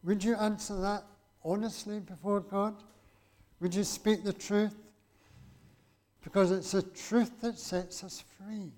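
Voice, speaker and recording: A man preaching to a congregation in a rather high voice. He reads scripture aloud and talks in a conversational way, turning to the listeners with rhetorical questions. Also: fairly even intonation, slow pace, long pauses, darkish tone. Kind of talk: sermon with scripture reading.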